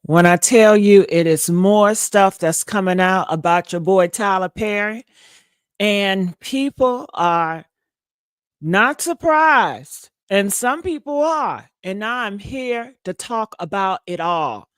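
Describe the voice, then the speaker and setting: A woman's voice: medium pitch, animated, takes it slowly, smooth, dry recording, studio quality. A woman hosting a gossip commentary vlog, sassy and dramatic, preaching at viewers with church-style calls and pet names like honey and baby. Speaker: commentary channel host.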